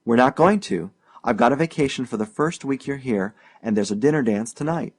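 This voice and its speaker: A man voicing an eager, boastful young northern man in an audiobook, loud, pushy and emphatic. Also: mid-range voice, fairly quick, slightly rough, close to an everyday voice.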